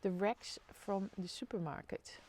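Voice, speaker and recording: A woman's voice: mid-range voice, unhurried, a little hiss or hum. A middle-aged woman, chatting casually on a live stream, greeting viewers by name and reading out their comments. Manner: chatty, reads viewer comments aloud, bursts into excited squeals. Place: home by a window overlooking a city street.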